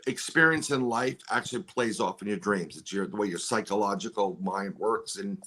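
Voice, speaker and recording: A man's voice: on the low side, normal speed, bright, forceful tone. A man telling a long story on a podcast, rambling with many restarts and quoting other people as he goes. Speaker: podcast guest. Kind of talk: casual storytelling chat.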